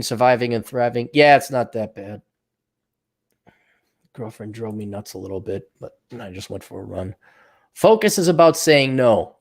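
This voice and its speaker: A man hosting his own show, ranting in a sarcastic, profane, mocking way. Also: medium pitch. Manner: mocking mimicry of others. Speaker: show host. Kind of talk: livestream rant.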